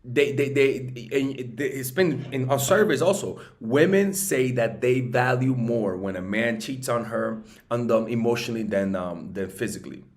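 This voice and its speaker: A man talking casually as a dating coach. He is blunt and profane, keeps checking for agreement with "okay?" and "right?", and gets louder and higher as he pushes a point. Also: lively intonation, normal speed, hardly any pauses.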